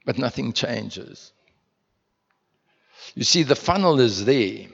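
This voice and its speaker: A man's voice: mid-range voice, lively intonation, slow pace, creaky, fairly bright tone, breathy edge. Pastor, a South African man, conversational sermon with rhetorical questions, dull and echoey hall sound. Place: church. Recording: muffled sound in a reverberant church hall.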